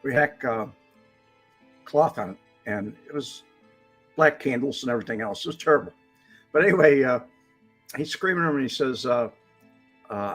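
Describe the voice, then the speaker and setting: An older man with a husky, bright and forceful voice spins a long story as a guest on a casual stream. He wanders through it with plenty of fillers and slips into the voices of the people he quotes, with faint music underneath. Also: mid-range voice, animated, moderate pace, pauses often. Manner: rambling anecdote with fillers, acting out quotes.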